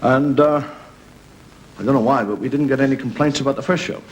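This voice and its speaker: An Irish comedian telling jokes to a studio audience in a droll storytelling manner, slipping into quick voices for his characters. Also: medium pitch. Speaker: comedian host. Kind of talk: stand-up joke telling. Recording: loud hiss on an old TV recording.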